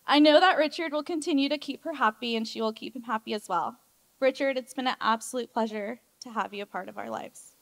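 A woman's voice: fairly high pitch, normal speed, a bit bright. A young adult woman giving a maid of honor toast at a wedding reception, chatty and emotional, often laughing.

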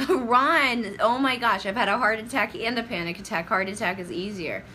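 This young livestream host talks loosely into her phone camera, rambling, wandering off on tangents and giving viewers advice. Her voice sits on the high side with a sharp tone and moderate pace, and the poor audio has a little hiss or hum.

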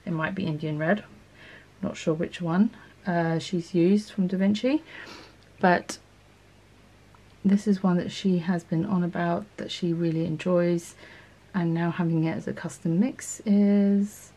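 Swatching her paints, a woman hosts her art channel in a relaxed, chatty way, thinking aloud and frequently correcting herself mid-sentence. Her voice is a little low with a gravelly edge, and she speaks a little slowly.

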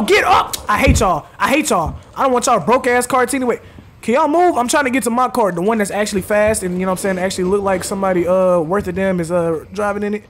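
A man streaming a game with casual commentary, bragging playfully and now and then shouting at game characters. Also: high voice, a little hiss or hum. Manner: boastful, playful trash talk. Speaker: gaming streamer. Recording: loud game sound behind voice.

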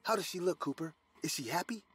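A man voicing a grieving middle-aged woman hospital supervisor who speaks low and urgently. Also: lively intonation, fast talker, fairly bright tone, faint music behind.

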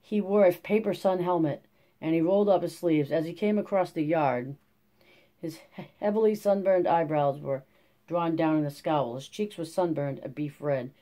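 Audiobook narrator reading a classic novel, warm mellow voice, steady with a few restarts. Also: mid-range voice, normal speed.

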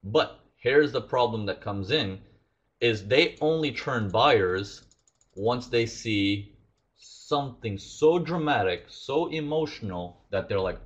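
A man's voice: mid-range voice, animated, slow pace, muffled recording. A man teaching a live trading lesson, asking his audience questions and acting out traders' inner thoughts. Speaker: trading instructor.

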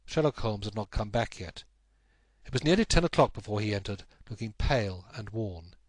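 A man narrating a classic story as a scripted audiobook, with a measured, even storytelling delivery. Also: on the low side, no echo.

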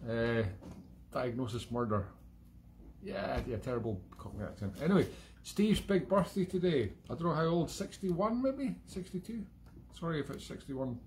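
A man's voice: mid-range voice, big pitch swings, normal speed, darkish tone, a little hiss or hum. A Scottish man hosting a live-streamed music show from home, chatting in a rambling, digressive way with self-mocking humour. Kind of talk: rambling casual monologue.

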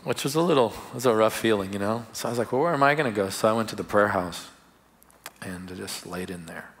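This pastor speaks fairly quickly in a lowish voice as he tells personal stories from the pulpit. The church-service sermon feels warm and conversational, punctuated by occasional laughter.

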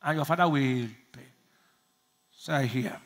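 A man's voice: mid-range voice, a little slow. A man preaching a sermon as pastor, laughing often and calling out for the congregation to answer back. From Nigeria. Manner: laughing, call-and-response preaching; acts out prayers in small voices.

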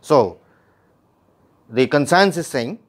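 A man walks through a classic play line by line, his voice rising and falling a great deal as he explains. It sits a little higher than most men's. After each quoted line he repeats the meaning in simple words. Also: expressive, slow pace. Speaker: literature teacher.

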